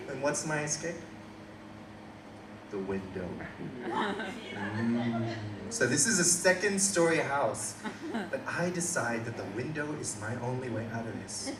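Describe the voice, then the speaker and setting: A man's voice: medium pitch, big pitch swings, takes it slowly, pauses often. A young man with an Australian accent performing a stand-up comedy set, telling a story with crowd work. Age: young adult. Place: small coffee shop venue, indoors. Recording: roomy, distant live room recording. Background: room ambience and audience laughter.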